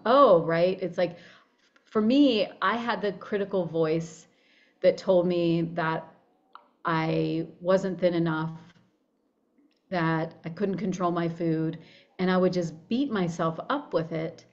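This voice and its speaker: A woman's voice: lowish voice, slow pace, dull audio. A woman coach talking animatedly in an interview, acting out her own inner voice and often restarting sentences. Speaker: guest, body-image coach. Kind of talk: conversational interview.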